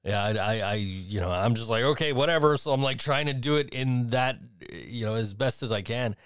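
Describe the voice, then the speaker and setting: A man's voice: lowish voice, moderate pace, smooth, no echo, clean studio sound. A man with a Western New York accent, chatting casually as a podcast co-host, swearing often, laughing and trailing off into asides. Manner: profane, laughing, rambling asides. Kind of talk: casual chat.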